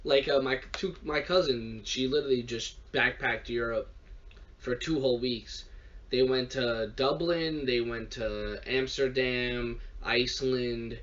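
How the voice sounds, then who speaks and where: A man's voice: mid-range voice, steady tone, unhurried, fairly bright tone. Young man rambling, off-mic and muffled. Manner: slangy, swears often, rambling with many fillers. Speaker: podcast co-host. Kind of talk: casual chat. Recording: distant lo-fi mic with faint hiss.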